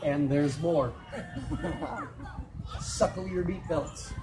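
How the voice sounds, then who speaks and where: A man's voice: fairly high pitch, slow, music in the background, poor audio. A man telling a comic story full of spoonerisms and wisecracks to a crowd on an outdoor fair stage, recorded on a phone in the audience. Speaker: festival storyteller.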